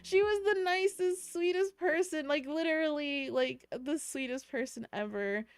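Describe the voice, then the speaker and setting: Speaking at a moderate pace in a high voice with no echo, a young woman tells her stream chat about a meetup. She's emotional and giggly, often near tears, and rambles with lots of restarts.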